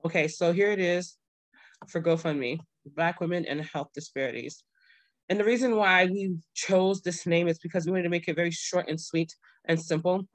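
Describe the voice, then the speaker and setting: A woman's voice: fairly low pitch, normal speed, no room sound. Earnest woman hosting a livestream. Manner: earnest and pleading, then overjoyed. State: pregnant. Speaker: show host. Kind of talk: casual livestream talk.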